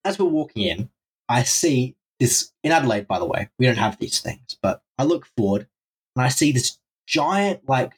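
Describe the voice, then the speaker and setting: A young man telling a long story on a podcast in a casual, animated way, swearing freely. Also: mid-range voice, normal speed, husky. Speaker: podcast guest, urban explorer.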